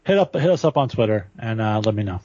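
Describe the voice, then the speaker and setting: Man, raspy voice, chatty podcast co-host, dry and dull mic. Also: lowish voice, very animated, fast, warm tone, no echo. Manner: chatty, swears, laughs easily. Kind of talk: casual chat.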